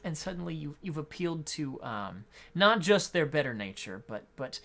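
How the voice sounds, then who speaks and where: A man acting as a game master, explaining adventure design in an unhurried tutorial talk while thinking aloud. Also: a little high, sing-song, creaky, fairly bright tone.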